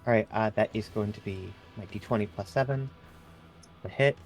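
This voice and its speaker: A man's voice: on the low side, normal speed, a little mellow, faint music behind. A man playing a tabletop game in casual chat, polite and easygoing. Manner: polite, keeps saying lovely. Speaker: player.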